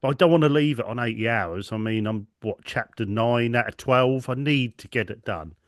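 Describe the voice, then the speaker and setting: Dry, easygoing podcast host. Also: male voice, medium pitch, normal speed, no echo. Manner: dry, easygoing, gently teasing. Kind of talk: casual chat.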